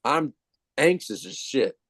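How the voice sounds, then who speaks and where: A man telling a personal story as a podcast guest, casual, animated and self-mocking, with plenty of profanity. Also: mid-range voice, takes it slowly, husky, no echo.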